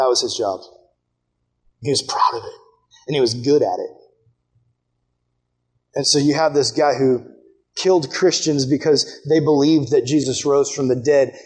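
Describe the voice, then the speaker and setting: A young man preaching a sermon, swinging from hushed, earnest passages to excited, near-shouted bursts. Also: medium pitch, normal speed, long pauses. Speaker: pastor.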